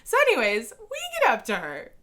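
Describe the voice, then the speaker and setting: A young woman in her twenties tells a story straight to her camera, her voice bright and forward. She gushes with excitement and fills her sentences with "like" as she rushes through the details. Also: a little high. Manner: excitable, gushing, heavy use of "like". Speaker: vlogger. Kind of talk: casual storytelling.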